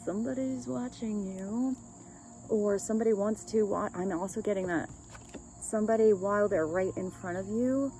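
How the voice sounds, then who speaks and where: A woman's voice: mid-range voice, fairly quick, mellow, a little hiss or hum, low-quality recording. A woman giving a casual, rambling love reading as a tarot reader, chatting with light laughs.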